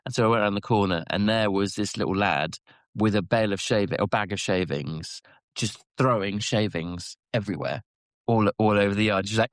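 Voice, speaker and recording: A man co-hosting a casual podcast chat, telling stories with halting restarts. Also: no echo, studio quality. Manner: rambling storyteller, halting restarts, squeaky quoted voices. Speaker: podcast co-host.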